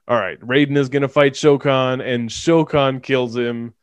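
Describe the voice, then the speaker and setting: A man co-hosting a casual movie-review chat, animated and sarcastic, laughing often as he talks. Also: mid-range voice, unhurried, smooth, dry recording. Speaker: podcast co-host.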